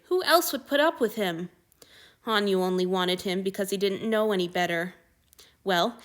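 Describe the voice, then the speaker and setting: Woman reading fan fiction aloud. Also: mid-range voice. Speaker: narrator.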